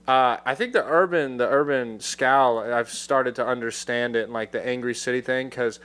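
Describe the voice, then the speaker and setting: A man hosting a podcast, chatting casually and telling a story with animated delivery. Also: medium pitch, normal speed. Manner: animated storytelling, shouts out quoted lines. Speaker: podcast host. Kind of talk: casual chat.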